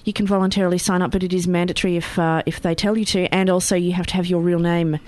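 A woman's voice: fairly low pitch, flat delivery, quick pace, darkish tone. A woman co-hosting a casual podcast chat, wry and teasing. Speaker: podcast co-host.

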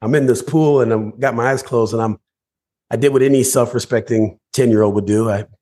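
A man, a motivational speaker, telling his life story as a podcast guest, animated and acting out voices and scenes. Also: medium pitch, fairly quick.

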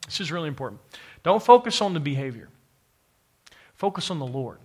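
A male preacher delivering a sermon to a church congregation. His voice sits a little higher than most men's, and he presses his points with emphatic repetition, turning to address the room directly. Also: big pitch swings, fairly quick, darkish tone, breathy edge. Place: church, to a live congregation with an online audience.

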